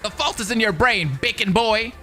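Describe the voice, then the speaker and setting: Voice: medium pitch, moderate pace, pushed and bright, soft background music, lightly acted. A voice actor in a fan-made game dub playing a grandiose, insulting alien invader. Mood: sneering. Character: scheming alien invader, sneering and arrogant.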